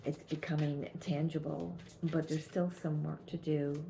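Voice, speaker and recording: A woman with a low, gravelly voice reads tarot cards in a gentle, halting way, often restarting her sentences. Her delivery stays flat and even, with a mellow, dark tone. Faint noise sits behind her. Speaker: tarot reader. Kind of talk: channeled tarot reading.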